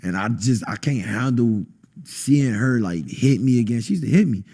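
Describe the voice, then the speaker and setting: A man, a podcast guest telling an intense personal testimony and acting out quotes with sudden high bursts. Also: animated, normal speed, dark tone. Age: adult, has a wife. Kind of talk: emotional testimony in conversation.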